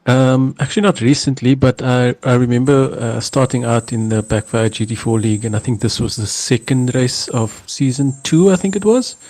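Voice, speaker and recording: A man's voice: mid-range voice, normal speed, few pauses, a little mellow. A man co-commentating on a sim race in a casual, hesitant, light-hearted way.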